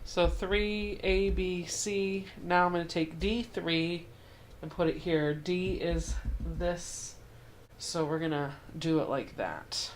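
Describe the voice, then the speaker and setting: A woman's voice: fairly low pitch, takes it slowly, slight background noise. A young adult woman hosting a casual home sewing tutorial, chatty and self-deprecating as she walks through each step. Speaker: quilting channel host.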